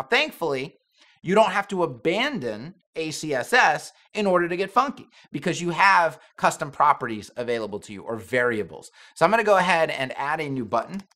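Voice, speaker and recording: A man's voice: fairly high pitch, bright, forceful tone. A man talking casually through a screen-recorded web design tutorial, thinking aloud with the odd filler as he works.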